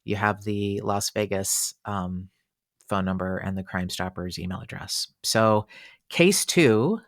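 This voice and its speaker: A man hosting a casual true-crime podcast, chatty and animated, with fillers and exclamations. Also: low-pitched, unhurried, no room sound, clean studio sound. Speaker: podcast host.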